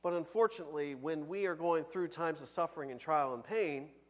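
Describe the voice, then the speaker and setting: A man preaching a sermon from the pulpit, conversational and animated, with big swings between loud and soft. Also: a little high, brisk, in a large hall. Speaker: pastor. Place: church sanctuary.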